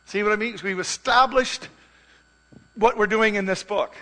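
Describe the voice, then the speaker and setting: Bright, high-voiced preaching man. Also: moderate pace. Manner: animated, conversational, sings musical phrases. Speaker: pastor. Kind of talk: sermon.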